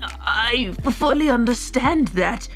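A woman's voice: a little high, animated, slow pace, fairly bright tone, faint music behind. A woman voicing a stern old male duke in a put-on mock British accent that drifts toward Scottish and Irish, haughty and stiffly formal. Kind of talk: live manga reading with voices.

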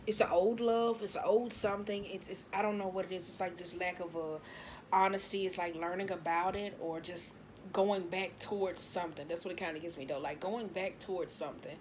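A woman's voice: fairly low pitch, steady tone, fairly quick, a little mellow. Profane, irritated woman reading tarot. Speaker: tarot reader. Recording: noisy home recording.

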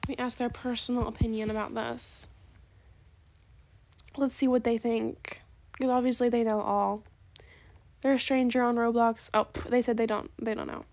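A woman giving chatty, sarcastic commentary over a trading game, gushing with gasps and dropping into soft asides. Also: a little high, little pitch movement, normal speed, pauses often. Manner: chatty, calls viewers "besties". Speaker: gaming video creator. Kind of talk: casual gameplay commentary.

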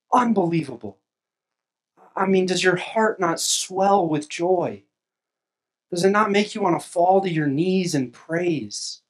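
A pastor preaching a sermon, reading scripture aloud at length and rising to impassioned, emphatic exclamations. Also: medium pitch.

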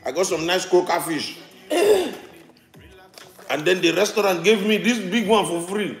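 A Nigerian man with a Nigerian accent, co-hosting a casual mealtime chat at home, animated and teasing, laughing often. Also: high-pitched, a little slow, faint music behind. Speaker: co-host. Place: home room with a dog about. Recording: roomy echoey room.

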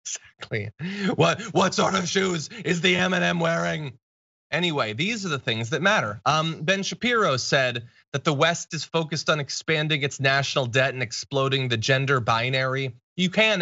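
A man hosting an online political talk show, mocking quotes with deadpan sarcasm. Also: fairly high pitch, moderate pace, muffled recording. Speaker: show host.

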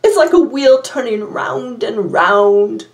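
A woman voicing a friendly, wise male red squirrel in a storybook, gently scolding and reassuring. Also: fairly high pitch, animated, takes it slowly. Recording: roomy, from a distance.

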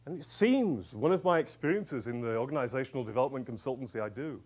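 A male executive coach tells an audience a story in a conversational way. His pitch swings widely as he goes, and he keeps pausing to check in with the room. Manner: lively, conversational, checks in with "yeah?". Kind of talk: storytelling talk to a live audience.

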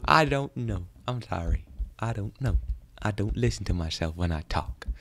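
A man's voice: on the low side, expressive, moderate pace, fairly bright tone, slight background noise. A man doing casual, rambling game commentary in a goofy, self-deprecating way, chatting to the animals on screen. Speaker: gaming YouTuber.

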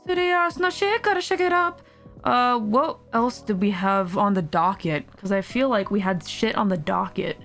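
A woman's voice: mid-range voice, lively intonation, normal speed, a bit bright, soft background music. A woman hosting a casual livestream chat with friends, talking in a playful, rambling way full of filler words. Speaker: stream host.

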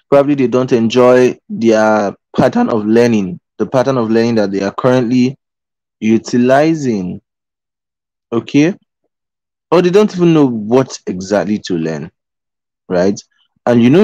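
A man with a low voice gives a live motivational talk. He speaks earnestly and pleadingly, repeating key phrases and asking "okay?" as he goes. His tone is mellow and warm, and the recording is dry and close. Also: no echo, dull audio. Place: in Qatar.

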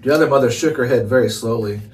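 A man narrating a chapter book aloud in calm, steady read-along storytelling. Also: medium pitch, fast talker. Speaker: storybook reader. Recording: distant mic, faint hiss.

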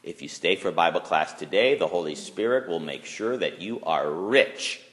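A man's voice: low voice, moderate pace. A male pastor gives a chapel sermon for young children. His voice leaps and dips expressively as he teases and acts out little scenes. The sound carries a long reverb from the chapel. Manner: animated, playful voices for the kids. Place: school chapel.

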